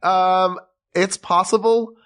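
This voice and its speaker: A man co-hosting a comedy podcast, playful and quick with mock-serious jokes. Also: high-pitched, fairly even intonation, a bit bright. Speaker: podcast co-host.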